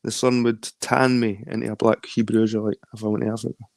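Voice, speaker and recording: A man's voice: on the low side, level tone, quick pace, creaky, no room sound. Rambling Scottish man, dry sound. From London. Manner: rambling, swears casually. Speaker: chat guest. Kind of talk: casual late-night chat.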